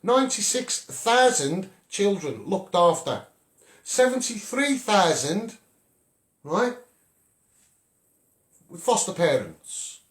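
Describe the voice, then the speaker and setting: A man's voice: high voice, big pitch swings, slow, pauses often, reverberant. A middle-aged man with a Scouse accent, a children's rights campaigner giving a punchy monologue and asking "right?" again and again. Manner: punchy, repeats "right?" for emphasis.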